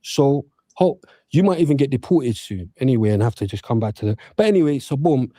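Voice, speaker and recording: A man's voice: medium pitch, animated, fairly quick, mellow, no echo. A man speaking in a response video, defiant and repeating "do you get what I'm saying".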